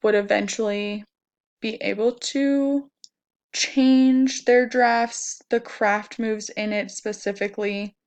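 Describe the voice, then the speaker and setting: A young woman with a slightly crackly voice, explaining a lesson plan in a hesitant way with many pauses and fillers. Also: mid-range voice, steady tone, a little mellow. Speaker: student teacher presenting a lesson plan.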